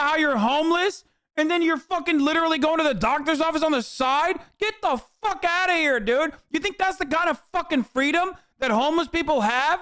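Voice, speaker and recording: A man livestreaming his reaction to a video, ranting angrily with constant swearing and bursts of shouting. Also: extremely high pitch, brisk, dry recording, clean studio sound. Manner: angry, swearing, often shouting in disbelief. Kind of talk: heated profane rant.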